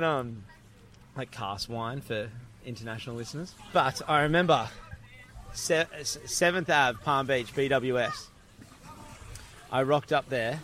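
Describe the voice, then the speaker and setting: Australian guy, young, podcast host, animated storyteller, casual, mid pitch. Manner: animated storyteller, laughing often. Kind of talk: casual chat.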